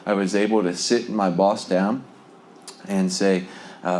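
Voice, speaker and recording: A man's voice: low-pitched, fairly even intonation, unhurried, long pauses, a little mellow, slight background noise. A man sharing a personal recovery testimony in a conversational, rambling way, full of fillers and small laughs. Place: Lubbock, Texas.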